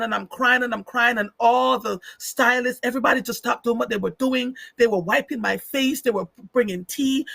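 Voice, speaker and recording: A woman in her fifties hosting a live show, reading chat comments and telling a heartfelt personal story in a casual, lively way. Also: a little high, vocal fry, dry recording. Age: 50s.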